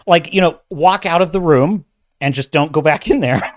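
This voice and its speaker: A man's voice: fairly high pitch, moderate pace. A man hosting a livestream, chatting casually and rambling, laughing often and reading out viewer comments. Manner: rambling, animated, laughs often, reads chat aloud. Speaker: livestream host.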